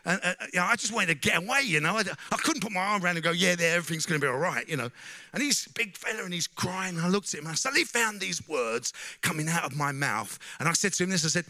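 Forceful high-voiced man telling a story. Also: fast, no room sound, clean studio sound. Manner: lively storyteller with frequent "you know?" and questions to the audience. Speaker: speaker giving a testimony. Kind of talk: personal testimony to a church audience.

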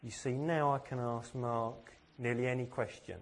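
A man's voice: medium pitch, steady tone, normal speed. A man from England giving a sermon, earnest and self-deprecating, with plenty of rhetorical questions. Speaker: preacher.

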